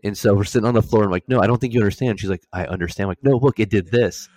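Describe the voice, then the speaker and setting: Talking very fast in a lowish, slightly mellow voice, this young podcast co-host spins animated stories in casual chat, cursing and laughing along the way.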